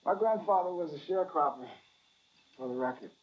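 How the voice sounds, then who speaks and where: Brief: male actor as composed lawyer, deliberate and cutting, dull film track. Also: on the high side, expressive, natural voice. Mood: pointed. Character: calm, pointed lawyer confronting a rich family.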